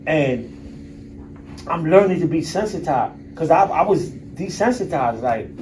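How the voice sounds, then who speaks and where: A man in his fifties gives a frank talk at a university event, blunt and casual, with a bit of swearing. His voice sits slightly high for a man. The mic picks him up from some distance, with a faint hiss of background noise. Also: animated, slow, a little mellow. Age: 50s. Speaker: guest speaker. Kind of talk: candid personal talk to an audience.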